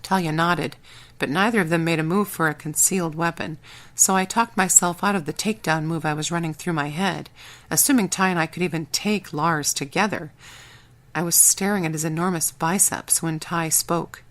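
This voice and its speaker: A woman reading a first-person audiobook in a wry, brisk storytelling manner. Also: low voice, fairly even intonation. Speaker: audiobook narrator.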